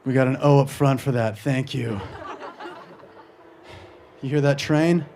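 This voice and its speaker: A man hosting a live comedy show, telling deadpan, brash jokes and introducing the next act. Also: medium pitch, unhurried, slight background noise. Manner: deadpan, brash, mock-boastful. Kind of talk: stand-up set and comedian introduction. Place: comedy venue with live audience.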